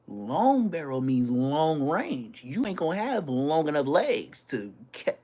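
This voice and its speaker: A man's voice: fairly high pitch, takes it slowly, hardly any pauses. A man as a brash Florida YouTuber, casual foul-mouthed rant, voice leaping up and down. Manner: animated, brash, swearing, mimics others' voices.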